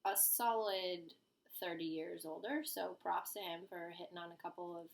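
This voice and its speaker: A woman's voice: lowish voice, fairly even intonation, normal speed, gravelly. A young woman telling a story to the camera in a chatty, amused way, full of fillers and asides. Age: young adult.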